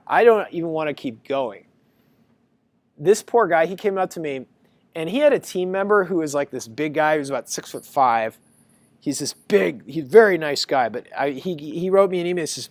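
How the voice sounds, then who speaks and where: A man giving a casual university lecture, talking to students in a chatty, animated storytelling way. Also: fairly high pitch, fairly quick, no echo.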